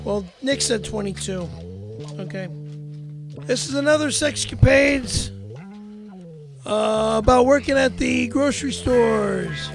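A man's voice: extremely high pitch, takes it slowly, gravelly, long pauses, over music. A middle-aged man who is a regular on a comedy podcast, defensive and argumentative as he tells his stories. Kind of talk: comedic storytelling and banter.

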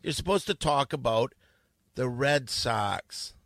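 A man's voice: medium pitch, animated, slow, fairly bright tone, no room sound. A male podcast host in casual comedic banter, teasing and needling his guests.

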